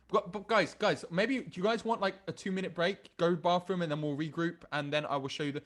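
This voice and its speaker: A man's voice: high-pitched, fairly bright tone. A man teaching a dating class, blunt and profane, often stumbling and restarting his sentences. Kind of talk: live online class, reading chat aloud.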